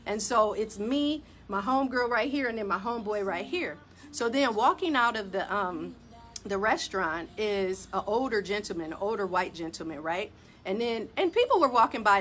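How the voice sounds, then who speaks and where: A woman hosting a talk show, telling a personal story in an animated, emphatic way and speaking straight to her listeners. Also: on the high side, moderate pace. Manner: animated, emphatic, addresses audience directly. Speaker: podcast host.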